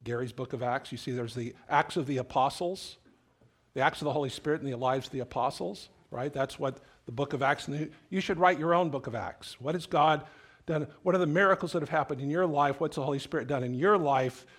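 A man's voice: mid-range voice, a little fast, slightly rough. Conversational male pastor preaching. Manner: conversational, storytelling, repeats words. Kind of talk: sermon.

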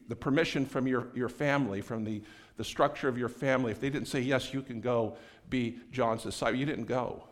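A man preaching a sermon in a conversational way, acting out the people in the story and often restarting his sentences. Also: medium pitch. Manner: conversational, acts out quoted voices, many restarts. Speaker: pastor.

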